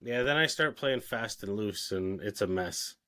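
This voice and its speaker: A man's voice: on the low side, lively intonation, a little slow, bright, forceful tone. A man co-hosting a sports podcast, rattling off his picks in casual chat with frequent "uh"s and hesitations. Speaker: podcast co-host.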